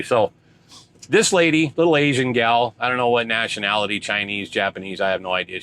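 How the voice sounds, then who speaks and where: A man's voice: lowish voice, a bit bright. Older man telling a rambling trucking story. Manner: rambling, chatty, with restarts and quoted voices. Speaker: truck driver vlogger. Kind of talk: casual storytelling.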